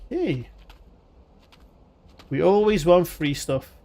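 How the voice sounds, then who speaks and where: A man's voice: fairly high pitch, animated, slow pace, a little mellow. Chatty man streaming a game. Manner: chatty, rambling, jokey asides. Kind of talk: live gameplay commentary.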